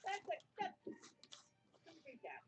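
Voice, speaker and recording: A woman's voice: very high-pitched, wildly swooping pitch, slow. A woman playing a tabletop game with friends, teasing and giggling, on a lo-fi mic. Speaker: player. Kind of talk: casual tabletop game chat.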